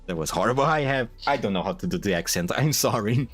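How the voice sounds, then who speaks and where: A man's voice: fairly low pitch, animated, quick pace, few pauses, fairly bright tone, faint music behind. A man making casual, self-deprecating asides while reading game dialogue aloud, not a native English speaker. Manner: self-deprecating, laughs at own attempts. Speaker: voice reader.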